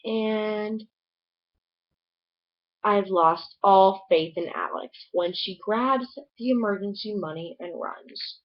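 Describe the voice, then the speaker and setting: A woman's voice: mid-range voice, takes it slowly, lo-fi sound. A young woman in a casual book review vlog, chattily retelling a plot with lots of "like". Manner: gushing, chatty retelling with many "like"s.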